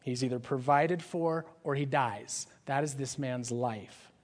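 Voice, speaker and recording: A man's voice: medium pitch, unhurried. A man preaching a sermon in a conversational style, often asking his listeners questions. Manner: conversational, asks the audience questions. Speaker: pastor.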